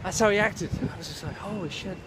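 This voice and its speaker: A man ranting in a rambling, sweary, deadpan way as a comic monologue to camera. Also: high voice, quick pace. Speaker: comedy vlogger. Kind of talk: absurd comic rant to camera. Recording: clear traffic noise outdoors.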